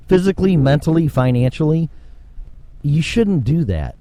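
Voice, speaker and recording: A man's voice: medium pitch, animated, normal speed, warm tone, no room sound. A man hosting his own talk show, ranting alone in a blunt, profane way, often repeating words and restarting sentences, and growing heated and emphatic at times. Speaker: podcast host. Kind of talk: casual ranting monologue.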